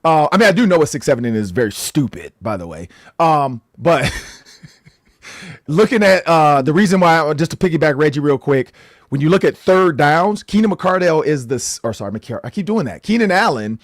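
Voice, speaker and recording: A man's voice: fairly high pitch, big pitch swings, normal speed, dry recording, clean studio sound. A man co-hosting a casual sports analysis show, rambling and jokey, often correcting himself mid-sentence.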